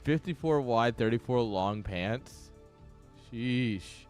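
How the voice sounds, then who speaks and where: A man's voice: medium pitch, slow, a little mellow, soft background music. A man giving casual live commentary on a strategy game match, dry and sarcastic, rambling with lots of fillers. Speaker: esports caster.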